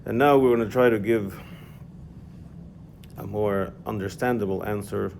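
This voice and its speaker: Male teacher, lowish voice with some fry, patient explainer in a casual one-on-one class. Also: fairly even intonation, moderate pace, a little mellow, a little hiss or hum. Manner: explanatory, checks in with "yeah?". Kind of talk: informal religious class.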